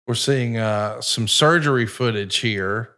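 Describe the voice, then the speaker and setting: A man's voice: medium pitch, measured pace, sharp tone. A man co-hosting a podcast, narrating footage and asking questions in casual chat. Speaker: podcast co-host.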